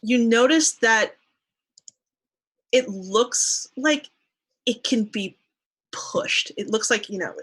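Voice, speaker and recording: Bright-voiced woman running a tabletop game. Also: on the high side, animated, extremely slow, pauses often, husky, poor audio. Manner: hesitant, casual with fillers. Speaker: game master.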